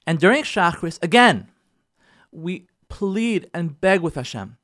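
Lively high-voiced rabbi teaching. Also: male voice, a little slow, no echo, clean studio sound. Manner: animated, acts out pleading prayers; mixes Hebrew and Yiddish terms into English. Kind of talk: Torah class.

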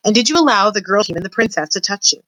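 A woman's voice: medium pitch, expressive, fast, fairly bright tone, no room sound, rough recording. A woman doing a stern old head mouse. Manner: formal, commanding. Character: stern older male head mouse, solemn judge.

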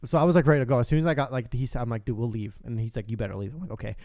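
Fast-talking young man telling stories. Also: mid-range voice, no room sound, studio quality. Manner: animated storytelling, heavy swearing, voices outbursts loudly. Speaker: podcast co-host. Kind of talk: casual chat.

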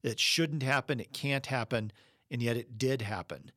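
Man, preacher, conversational sermon, emphatic, mid-pitched voice, dry close sound. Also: normal speed, fairly bright tone, no room sound. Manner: conversational, emphatic, with fillers and restarts. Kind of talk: sermon-style Bible teaching.

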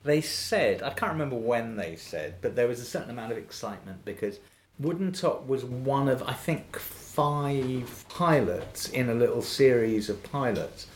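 A man's voice: mid-range voice, animated, moderate pace. An older man, an actor guest, telling anecdotes in a podcast interview, laughing often and acting out quoted voices. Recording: echoey room with faint noise.

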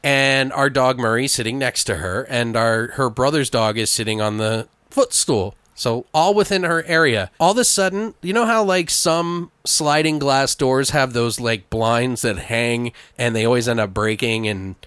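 A man hosting a podcast, telling a story in casual chat, animated and trying not to swear. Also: mid-range voice, moderate pace, hardly any pauses, clear, resonant tone, dry recording. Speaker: podcast host.

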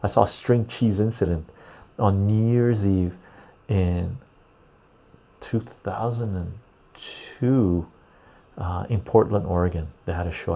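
A man's voice: sits low, gravelly, dark tone, breathy edge. A middle-aged man from the West Coast of Canada, hosting a casual livestream podcast and answering viewer chat aloud. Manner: reads viewer chat aloud and answers loosely, with frequent fillers. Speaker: podcast host.

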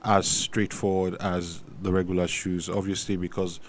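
A man with a fairly low voice, a guest in a studio interview. He recounts his story at a steady, relaxed pace, pausing to think now and then. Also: a little hiss or hum. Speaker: guest, sneaker company founder.

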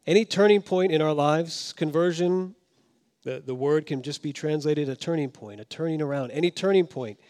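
A man preaching a sermon as pastor, swinging from loud emphasis down to hushed, quiet tones. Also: fairly high pitch. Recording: long hall reverb.

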